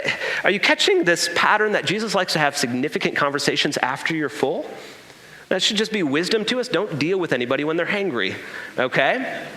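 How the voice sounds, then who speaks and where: A man preaching a sermon as a pastor, telling the story in an animated way, acting out quotes and adding humorous asides. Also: a little high. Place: church sanctuary. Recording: echoey church hall reverb.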